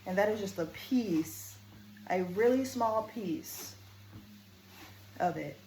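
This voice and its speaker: A woman talking earnestly to camera as a vlogger and coach, moving between a firm, deliberate tone and a softer one. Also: medium pitch, lively intonation, reverberant, slight background noise, poor audio. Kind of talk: casual talking-to-camera vlog.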